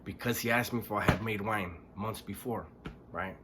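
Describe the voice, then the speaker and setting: A man recounting a painful memory in a casual, halting way, restarting sentences, clearing his throat and swearing bluntly. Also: fairly low pitch, very noisy. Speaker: storyteller recounting his past. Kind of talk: casual spoken storytelling.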